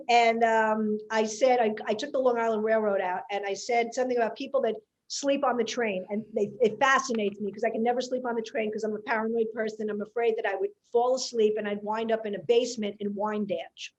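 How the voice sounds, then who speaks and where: A woman comedian, telling a story in casual podcast chat, animated and chatty. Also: a little high, a little fast, muffled recording.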